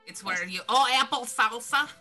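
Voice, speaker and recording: A woman's voice: fairly high pitch, moderate pace, over music. A woman playing a tabletop game, rambling with lots of fillers. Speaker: player. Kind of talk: tabletop game play, casual.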